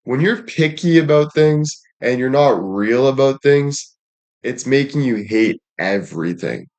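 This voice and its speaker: Young man, blunt profane rant, repetitive, average pitch, talking to viewers. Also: lively intonation, unhurried, darkish tone. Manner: blunt, repetitive, heavy swearing.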